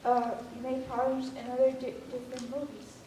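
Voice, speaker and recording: A woman's voice: high voice, monotone, quick pace, warm tone. A woman in the audience asking a question hesitantly, searching for her words. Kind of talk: Q&A question from the floor. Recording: echoey hall from far off, audible noise.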